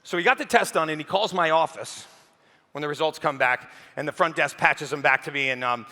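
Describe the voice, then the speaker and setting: Bright-voiced man speaking in a large hall. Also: fairly high pitch, brisk. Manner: lively storyteller, acts out quotes. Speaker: keynote speaker. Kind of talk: stage storytelling speech. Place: conference stage, large hall. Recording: long reverb of a large hall.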